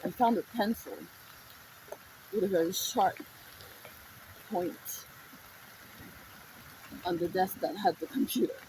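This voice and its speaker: A woman's voice: medium pitch, slow pace, pauses often, dark tone, a little hiss or hum, low-quality recording. A woman telling a personal story in a raw, emotional, profane way.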